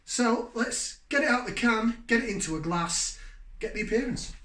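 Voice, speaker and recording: Chatty high-voiced man. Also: lively intonation, moderate pace, pushed and bright. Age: 40s. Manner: chatty, rambling, self-deprecating. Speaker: beer reviewer, channel host. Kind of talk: casual review vlog. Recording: echoey room.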